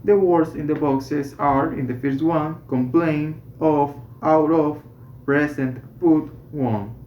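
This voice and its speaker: A student slowly reading a medical English textbook aloud, correcting small slips along the way. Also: mid-range voice, slight background noise. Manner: slow, careful reading with self-corrections. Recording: roomy, slightly dull home recording.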